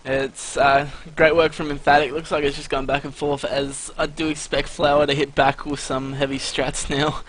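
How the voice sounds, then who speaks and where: A man calling a live shooter match with quick asides, small jokes and self-corrections. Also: on the high side, level tone, fairly bright tone, low-quality recording. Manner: chatty, joking, corrects himself. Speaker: esports commentator. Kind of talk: live esports play-by-play commentary.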